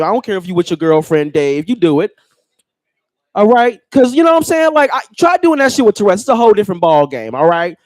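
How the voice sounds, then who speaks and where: A man working a comedy club crowd with a loose, joking stand-up set. His voice sits a bit high for a man and comes through a handheld mic, close and dry with no room echo.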